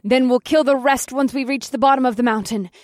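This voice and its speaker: A man voicing a group of fierce, foul-mouthed young witches in a storybook reading, shouting and cursing. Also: extremely high pitch, a little fast, dry recording, studio quality, pitched above the performer's own voice.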